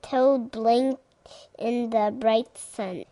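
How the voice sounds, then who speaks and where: A woman reading a children's story aloud slowly and carefully. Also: on the high side, dark tone. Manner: slow, careful.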